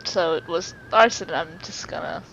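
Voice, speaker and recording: A woman's voice: on the low side, huge pitch swings, normal speed, a bit bright. A woman giving let's play commentary as she plays a video game, often exclaiming and laughing at it. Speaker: gamer playing a video game. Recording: dull lo-fi mic with faint hiss.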